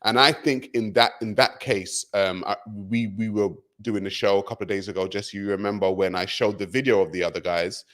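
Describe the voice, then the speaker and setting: Low-voiced earnest male podcast host. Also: fairly even intonation, a little fast, few pauses, fairly bright tone. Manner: earnest and teasing, emphatic. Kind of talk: casual podcast chat.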